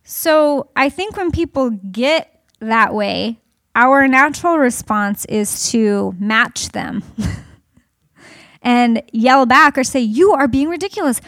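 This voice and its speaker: A woman in her thirties speaking to an audience in a conversational way, telling family stories with animated delivery and laughter. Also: on the high side, very slow, no echo, studio quality.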